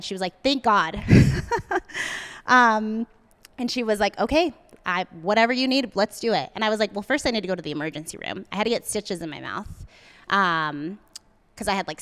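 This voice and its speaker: A woman's voice: mid-range voice, a bit bright. A young adult woman, a guest on a podcast, telling a candid personal story and acting out the quotes with many fillers. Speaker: podcast guest, coffee shop founder.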